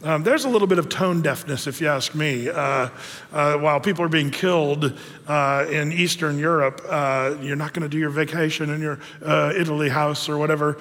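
A man preaching a sermon in a chatty, animated way, full of fillers and asides. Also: fairly high pitch, moderate pace, big-room sound. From United States. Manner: conversational, animated with frequent fillers. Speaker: pastor.

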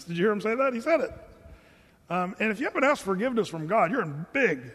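High-voiced man preaching in a hall. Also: fast. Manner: conversational, animated preaching with mock voices of listeners. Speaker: pastor. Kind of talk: sermon.

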